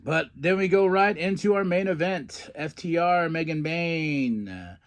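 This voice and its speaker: A man hosting a podcast, recapping a wrestling show in a casual, excitable, rambling way and laughing often. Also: fairly high pitch, a little slow. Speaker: podcast host.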